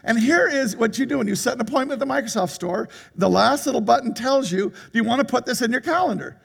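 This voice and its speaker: An older man preaching a sermon to his congregation, telling a story in an animated way and laughing as he goes. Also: very high-pitched, fast, vocal fry, breathy edge. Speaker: pastor. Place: church hall.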